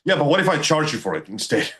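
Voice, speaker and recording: A man's voice: a little high, very animated, fast talker, fairly bright tone. A man co-hosting a podcast in casual chat, opinionated, ranting and swearing. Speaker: podcast co-host.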